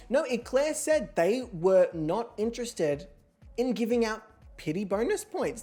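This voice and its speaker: A woman's voice: medium pitch, very animated, a little slow, a little mellow, soft background music. A woman hosting an online reality game show livestream in a playful, theatrical way, with casual swearing. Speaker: host.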